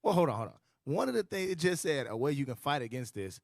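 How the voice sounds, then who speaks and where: A man with a Southern US accent tells a story in a loose group talk, his pitch swinging widely. His voice is heard close and dry. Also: fast, vocal fry, dry recording. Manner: storytelling, animated. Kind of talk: casual group discussion.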